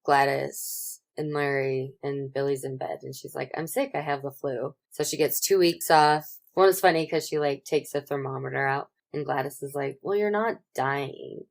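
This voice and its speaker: A woman co-hosting a podcast, retelling film scenes in an animated way and swearing freely. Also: a bass voice, moderate pace, creaky, few pauses. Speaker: podcast co-host. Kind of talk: casual chat recapping a film.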